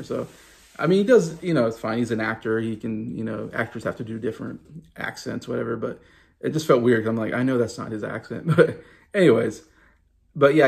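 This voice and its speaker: A man's voice: mid-range voice, vocal fry. A man in his thirties giving a casual, rambling movie review, often correcting himself mid-sentence. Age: 30s. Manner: rambling, self-correcting, chatty.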